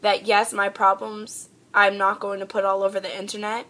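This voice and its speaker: A woman's voice: medium pitch, level tone, moderate pace, bright, forceful tone. A young woman talking earnestly and heartfelt in a personal vlog, pleading with her viewers. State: tearful. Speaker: vlogger.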